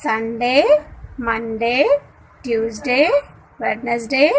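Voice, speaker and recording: A woman teacher running a slow classroom question-and-answer drill, asking each question and answering it herself. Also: fairly high pitch, fairly even intonation, husky, rough recording.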